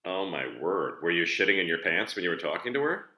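A male interview host with a very low yet bright, forceful voice that swings widely in pitch. He sounds like he is in a roomy, echoing space and jumps in with quick, encouraging reactions. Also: very animated. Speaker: podcast host. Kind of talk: casual interview.

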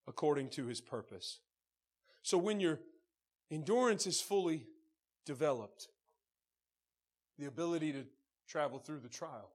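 A pastor preaches a sermon, calling out to his congregation. He swings between soft, low passages and shouting.

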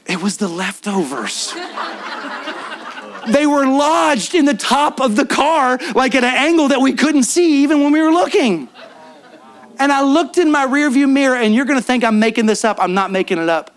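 High-voiced man preaching a story. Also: moderate pace. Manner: animated, acts out friends' lines. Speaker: guest preacher. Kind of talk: storytelling sermon. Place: church in front of a congregation.

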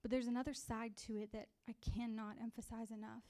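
A woman preaching and sharing a personal testimony, halting and repeating herself, often breaking into tearful crying. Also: on the high side, level tone, mellow. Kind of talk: sermon.

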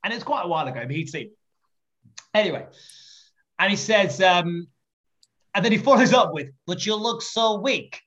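A man on a podcast telling stories in a lively, jokey manner, swearing and laughing easily. His voice is fairly high for a man. The recording sounds dull and a bit muffled. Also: brisk, pauses often. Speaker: podcast guest, entrepreneur. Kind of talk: animated anecdote telling.

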